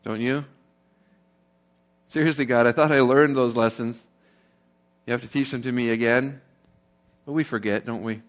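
A male pastor preaches in an easy, conversational style and keeps turning to the congregation with rhetorical questions. His pitch sits in the middle range for a man. When he presses a point, he grows noticeably more emphatic. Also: steady tone, normal speed, long pauses. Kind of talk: sermon.

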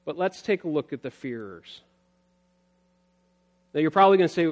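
An earnest man preaches a sermon, his somewhat high voice climbing on key points before sinking low and quiet. He reads scripture aloud in the same steady preaching voice. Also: normal speed, pauses often. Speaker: pastor.

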